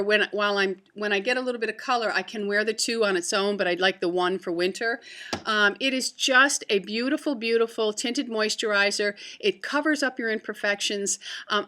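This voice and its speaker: A woman's voice: mid-range voice, sharp tone. A woman reviewing beauty products to camera in a casual, chatty way, with many fillers and restarts. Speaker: beauty vlogger.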